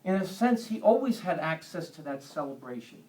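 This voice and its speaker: A man's voice: fairly high pitch, big pitch swings, normal speed, few pauses, a little mellow. A man teaching a Bible lesson to a church group in a conversational way, with homely humorous asides. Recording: echoey room, distant mic.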